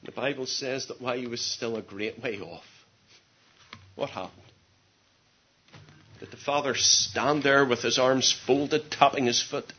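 A man preaching an evangelistic sermon, earnest, swinging from quiet to loud with drawn-out emphasis. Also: medium pitch, steady tone, husky. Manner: earnest, rises and drops sharply in volume, drawn-out emphasis. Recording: dull lo-fi sermon recording.

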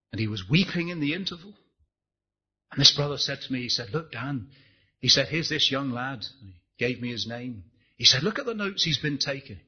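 A man's voice: medium pitch, breathy edge, lo-fi sound. A man preaching a sermon, impassioned, rising and falling, asking the congregation rhetorical questions.

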